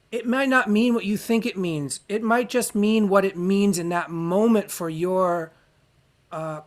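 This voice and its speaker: A man's voice: high voice, fairly bright tone. A man holding forth alone in an unscripted monologue. He swears freely and rants bluntly. His thoughts wander and restart as he works them out aloud. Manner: profane, ranting, frank; wandering, self-correcting delivery. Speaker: podcast host.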